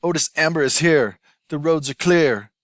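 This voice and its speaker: A man voicing a boisterous, cackling older delivery man in a storybook reading, loud and high. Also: slow pace, no room sound, studio quality. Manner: loud, hearty.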